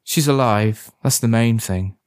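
A man's voice: mid-range voice, a little slow, clean tone, no echo, clean studio sound, natural voice. A man voicing a guilty, shaken teenage boy who stammers and hesitates.

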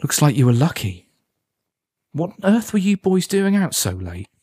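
A man voicing a brisk, concerned mother. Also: fairly high pitch, sing-song, a little mellow, husky, voice pushed up.

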